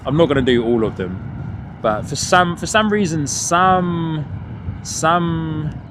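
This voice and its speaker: A man hosting a live plane-spotting stream outdoors at an airport, chatting with viewers in a rambling way, with many fillers and restarts, and excited by good landings. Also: on the high side. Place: outdoors at an airport viewing spot. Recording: outdoor traffic noise. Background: outdoor traffic and ambience.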